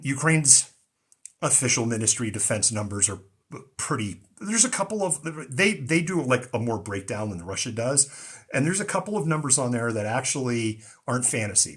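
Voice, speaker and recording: Husky man rambling on a live stream. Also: mid-range voice, a bit bright. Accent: General American with a slight Boston tinge. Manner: rambling, many ums and restarts. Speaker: news show host.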